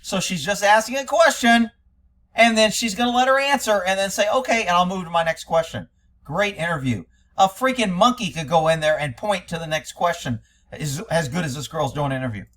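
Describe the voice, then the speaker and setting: Scornful, blunt man with a high voice. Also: a little fast, a bit bright. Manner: profane. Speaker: commentator reacting to interview audio. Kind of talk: critical commentary.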